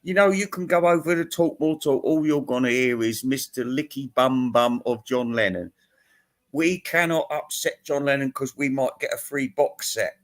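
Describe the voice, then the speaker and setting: Crude ranting bloke. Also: male voice, medium pitch, moderate pace. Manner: crude, ranting, laughs at his own jokes. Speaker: host answering viewer questions. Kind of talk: rambling comic monologue.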